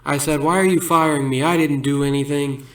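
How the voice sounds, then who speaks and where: This comedian's voice is a little high and steady, and he talks fairly quickly, rambling through one absurd stand-up joke after another. He laughs at his own punchlines, and the distant mic gives a roomy sound.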